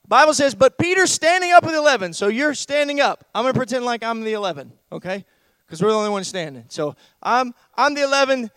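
A man preaching a sermon as pastor, swinging from hushed asides to loud, raised declamation. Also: very high-pitched, animated, fast talker, clean tone, dry recording.

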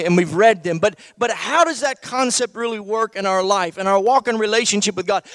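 A man's voice: extremely high pitch, a bit bright, no echo. A man preaching a sermon, posing one rhetorical question after another to his congregation.

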